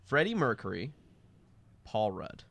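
A man hosting an improv comedy podcast, playful and quick to laugh, who narrates the group's story. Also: medium pitch, very animated, vocal fry, a bit bright, dry recording.

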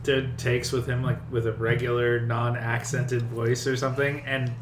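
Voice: mid-range voice, little pitch movement, moderate pace, recorded from a distance. A speaker in casual movie chat, giggly and speculating about how a film was made. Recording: echoey room with hum.

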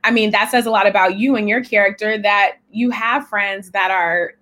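A woman's voice: mid-range voice, fairly even intonation, normal speed, bright, forceful tone. Enthusiastic woman interviewer. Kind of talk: casual interview chat.

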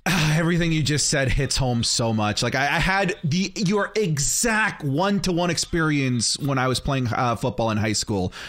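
A man's voice: fairly high pitch, moderate pace, hardly any pauses, fairly bright tone. A young American man co-hosting a podcast, asking long rambling questions full of ums. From United States. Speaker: podcast co-host. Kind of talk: casual interview talk.

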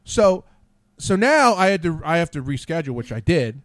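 A man's voice: a little high, big pitch swings, moderate pace, fairly bright tone, dry recording. A man hosting a podcast, telling rambling, profane stories and losing his train of thought. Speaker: podcast host. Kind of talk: casual profane storytelling.

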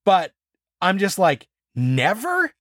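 Animated man with a lively, swinging pitch. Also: normal speed, no echo, studio quality. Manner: animated, exasperated, swears freely, acts out scenes. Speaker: podcast co-host reviewing a TV episode. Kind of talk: casual chat.

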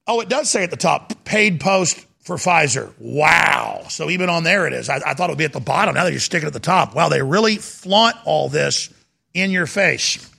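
A middle-aged man with a high, gravelly, bright voice rants through a political talk show monologue. He mocks and jeers, pushing his voice up toward a shout. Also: lively intonation, normal speed. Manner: ranting, mocking, raises voice to a shout.

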